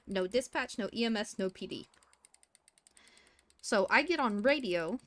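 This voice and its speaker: A woman's voice: mid-range voice, lively intonation, a little slow, dry recording. A woman streamer playing a doctor in roleplay, telling a story in character and acting out radio calls and quotes with feeling.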